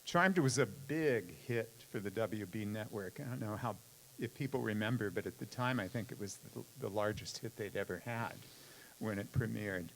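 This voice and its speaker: Male panel moderator, gravelly voice, faint hiss in the background. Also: lowish voice, moderate pace, rough recording. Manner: reads prepared questions, brief reactions. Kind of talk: interview questions. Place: convention panel room.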